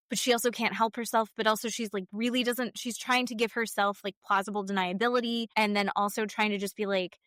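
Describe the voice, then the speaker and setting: A fairly high-voiced woman talks through a reality TV episode in loose, casual chat. She is blunt and swears freely, slipping into the cast members' voices as she quotes them. The sound is close and dry. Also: steady tone, fast, hardly any pauses, fairly bright tone, dry recording. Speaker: podcast co-host.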